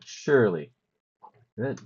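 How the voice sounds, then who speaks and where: A man's voice: on the low side, expressive, takes it slowly, a little mellow, husky, muffled recording. A man live-streaming, giving wry, teasing commentary in a casual chat.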